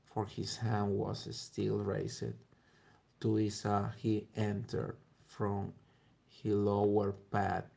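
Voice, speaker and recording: A man reads a classic story aloud in a low, very gravelly, husky voice. His delivery is flat and slow, halting and stumbling now and then. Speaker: reader.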